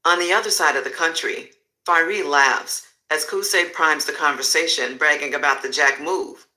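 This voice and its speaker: Casting: male storyteller, raised pitch, very bright cutting tone, vivid crime narration. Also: moderate pace, poor audio.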